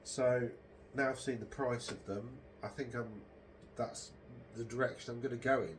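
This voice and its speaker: A man's voice: mid-range voice, steady tone, moderate pace, a little hiss or hum. A man hosting a casual, meandering monologue, hesitant and full of ums and self-corrections. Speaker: podcast host.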